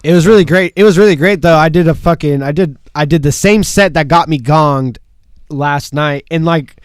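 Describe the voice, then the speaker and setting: Brash male comedian co-hosting a casual podcast, fairly high voice, dead-dry close mic. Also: normal speed, dry recording. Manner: brash, animated, swears constantly. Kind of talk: casual profane chat.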